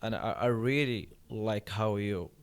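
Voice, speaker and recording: Low-voiced halting podcast host. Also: male voice, smooth. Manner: hesitant, many uh fillers, halting phrasing. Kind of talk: podcast interview.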